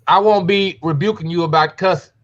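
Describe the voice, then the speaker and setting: A man reflects on scripture in casual chat, often asking whether his listener follows. His voice sits fairly high, and the recording sounds dull and lo-fi. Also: a little fast, a bit bright. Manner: reflective, preachy, checks in with the listener. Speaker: co-host.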